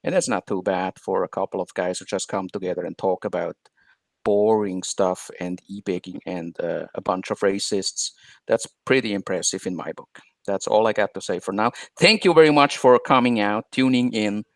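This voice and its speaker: A man's voice: sits low, moderate pace, no room sound. Rambling man co-hosting a live stream. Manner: long rambling questions with many fillers. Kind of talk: casual live stream chat.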